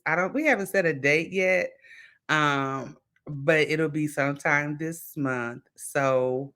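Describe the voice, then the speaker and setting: A woman author, chatting casually and telling stories with lively acted-out quotes. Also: deep voice. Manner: animated storytelling with voiced quotes. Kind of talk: casual panel chat.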